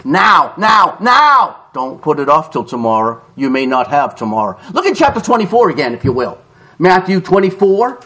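A man preaching a fiery sermon, reading scripture, shouting for emphasis and dropping to low, quiet asides. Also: sing-song, normal speed. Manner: shouts for emphasis, swings between loud cries and low asides.

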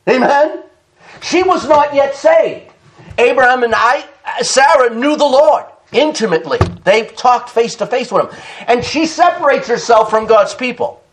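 A male pastor preaching an animated sermon, chuckling often and calling out to the congregation. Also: very high voice, measured pace. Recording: roomy church echo.

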